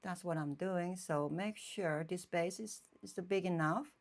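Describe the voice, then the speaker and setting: A woman painter chatting casually on a live stream from her home painting room, thinking aloud in halting phrases and often checking in with her viewers. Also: lowish voice. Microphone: phone streaming live.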